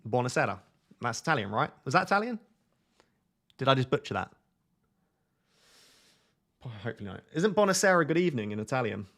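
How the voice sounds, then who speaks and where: Streaming fantasy football from home at night, a man reads his chat aloud with jokey self-mockery. His medium-pitched, fairly bright voice is sing-song and brisk, with frequent pauses.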